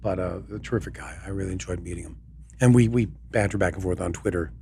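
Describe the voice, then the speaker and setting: A man's voice: low-pitched, fast, creaky, a little mellow, a little hiss or hum. Wry self-deprecating man, podcast guest. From Canada. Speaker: guest voice actor. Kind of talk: casual podcast chat.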